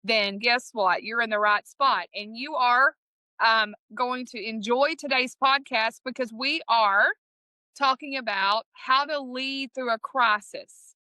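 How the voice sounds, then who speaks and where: A woman's voice: on the high side, slow pace, pushed and bright, dry recording, rough recording. A woman with an East Texas Southern accent hosting a podcast in a folksy, upbeat way, often restarting her sentences. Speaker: podcast host.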